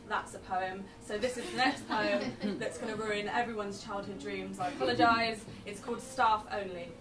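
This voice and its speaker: A young woman performing spoken word poetry live, with wry, self-deprecating chatter between poems. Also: a little high. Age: young adult. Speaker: poet. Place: live event venue. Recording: echoey room, distant mic, venue noise.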